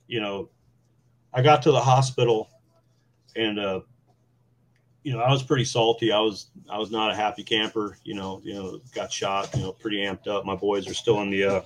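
A former Marine recounting his experiences in a casual podcast conversation, laughing and leaning on fillers as he goes. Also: lowish voice. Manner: animated, laughing, many fillers. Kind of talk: casual storytelling.

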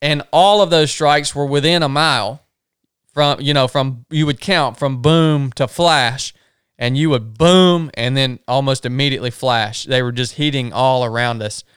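A man's voice: medium pitch, moderate pace, fairly bright tone, smooth, no room sound, clean studio sound. A man recording a spoken camp log at a river sandbar, then telling a story in a drawling, folksy way.

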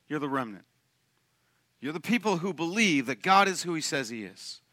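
A young man preaching a sermon to his congregation, animated and joking, often asking the room questions. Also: a little high, moderate pace, no echo. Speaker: pastor. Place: church sanctuary.

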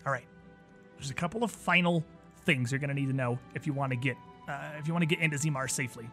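A man narrating a tabletop role-playing game as game master, in a relaxed, rambling way. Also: mid-range voice, fast, soft background music.

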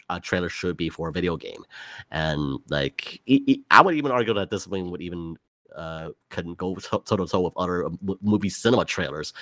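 Deep-voiced man, halting podcast chat. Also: a bit bright, no room sound, clean studio sound. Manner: halting, many restarts and fillers. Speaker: podcast co-host. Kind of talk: casual chat.

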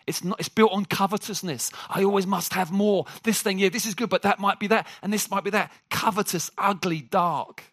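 A man preaching a sermon to a congregation. He jokes with the room and talks in an animated way. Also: high-pitched, fairly quick, hardly any pauses, no echo, clean studio sound.

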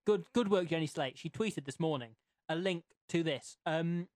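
A man's voice: fairly high pitch, moderate pace, darkish tone, dry recording. Rambling male podcast host, dry sound. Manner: rambling, keeps rewording himself mid-sentence. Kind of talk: casual chat.

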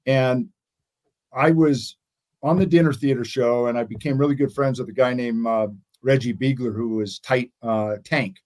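A man's voice: medium pitch, steady tone, moderate pace, darkish tone. A man in his sixties, a guest in an interview, telling stories in a rambling way and often restarting his sentences. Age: 60s. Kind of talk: casual interview storytelling.

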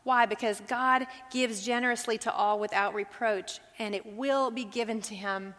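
A woman's voice: fairly high pitch, fairly even intonation, moderate pace, hardly any pauses, fairly bright tone. A woman teaching a Bible study to a group, earnest, asking them questions as she goes. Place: large hall with a group. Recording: long hall reverb.

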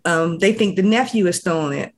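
A speaker with a voice of middle pitch chats casually on a podcast and recaps a story in a relaxed, running way. The talk is full of "um," "like" and small restarts. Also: a little fast. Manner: chatty, recapping an episode with fillers and restarts. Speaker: podcast co-host or guest.

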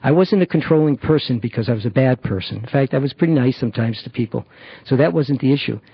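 A middle-aged man giving a halting personal testimony about recovery, full of fillers and restarts. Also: medium pitch, expressive, breathy edge, no room sound, highs cut off. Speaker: recovery program member.

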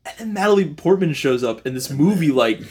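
A man co-hosting a podcast in casual chat, animated and acting out quotes in changing voices. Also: fairly quick, husky. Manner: animated, acts out quotes with big pitch jumps. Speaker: podcast co-host.

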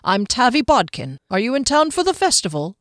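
A woman's voice: on the high side, very animated, a little fast, dry recording, clean studio sound, voice pushed up. A woman voicing a nervous, scrawny little male herbalist who stammers and stays stiffly polite.

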